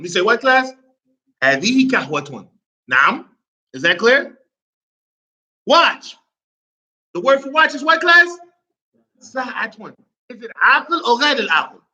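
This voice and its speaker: A man's voice: very high voice, pushed and bright. A man, teaching an Arabic class and quizzing his students with playful repeated questions. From United States. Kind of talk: classroom lesson with call-and-response.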